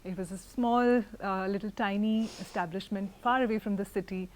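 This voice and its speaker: A woman's voice: medium pitch, fairly even intonation, moderate pace, rough recording. A woman hosting an interview, listening closely with frequent affirming murmurs and asking questions. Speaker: interviewer, host.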